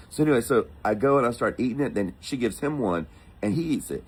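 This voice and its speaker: A man from the United States tells a personal story in a relaxed, animated way. He slips into the voices of the people he quotes. His voice sits on the low side. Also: fast, slight background noise, low-quality recording.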